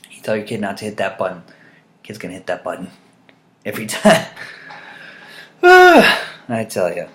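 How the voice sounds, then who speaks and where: Male vlogger, lower register, very lively delivery, wry rambling comic monologue. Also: moderate pace, slight background noise. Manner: animated, jumps into loud high mock voices for quotes. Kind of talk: humorous storytelling monologue.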